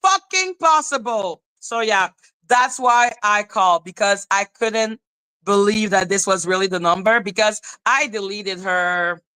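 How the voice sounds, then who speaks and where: A woman hosting a podcast, telling a story in casual chat, excitable and animated, swearing and laughing as she retells it. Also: medium pitch, unhurried, smooth, rough recording. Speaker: podcast host.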